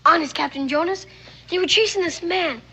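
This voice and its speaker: Earnest young boy, high bright voice, quick excited talk, muffled 1960s TV sound. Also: exaggerated voice. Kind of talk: 1960s television drama acting. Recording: dull old TV soundtrack with faint noise.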